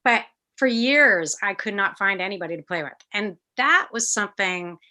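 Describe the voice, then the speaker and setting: A middle-aged woman talks as a guest on a video call, with a bright, forceful tone. She tells her stories with energy, mimics the people in them and drops the odd curse in casual chat. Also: medium pitch, normal speed. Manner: animated, acts out quoted voices, swears casually. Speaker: guest musician. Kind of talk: casual interview storytelling.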